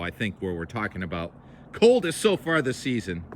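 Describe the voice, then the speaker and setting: A man's voice: sits low, animated, normal speed, slight background noise. A man hosting a casual weather talk, rambling and correcting himself as he goes. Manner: chatty, rambling, self-correcting asides. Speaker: weather show host.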